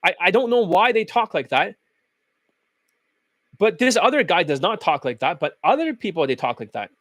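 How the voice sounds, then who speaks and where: High-pitched swearing man on a rant. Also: sing-song, moderate pace, a bit bright, no echo. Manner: blunt, mocking, heavy swearing. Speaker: dating coach host. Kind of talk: profane reaction rant.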